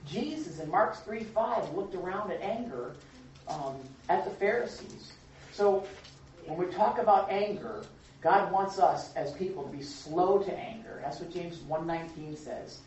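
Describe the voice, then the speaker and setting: A man teaching a Bible class to a group, lively and engaging, asking questions and affirming answers. He sounds distant from the mic, in a very echoey room. The sound is a bit dull. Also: high voice, unhurried. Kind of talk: interactive Bible lesson.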